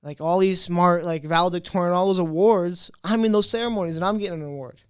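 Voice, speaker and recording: A man's voice: sits high, fast talker, smooth, dry recording, clean studio sound. A man in his twenties, a podcast guest, telling his story in casual talk and acting out the quotes. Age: 20s. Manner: animated storyteller, acts out quotes.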